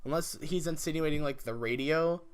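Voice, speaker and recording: A man with a somewhat high voice chatting on a podcast. He is sarcastic and profane, and now and then slips into goofy voices to act out scenes. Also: moderate pace, a crowd in the background. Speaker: podcast co-host. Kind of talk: casual chat.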